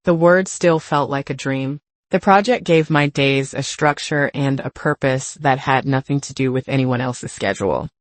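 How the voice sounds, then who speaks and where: An older woman narrating a first-person story in a measured, reflective way. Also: extremely low pitch, dry recording.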